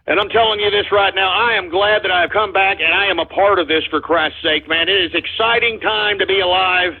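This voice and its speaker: A radio host rants in an excited, fired-up way, piling on repeated phrases and curses. His voice sits very high and sounds husky and worn. It comes through a narrow, tinny phone-like line. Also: brisk. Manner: fired-up, shouty, swears and repeats himself. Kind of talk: excited call-in radio rant.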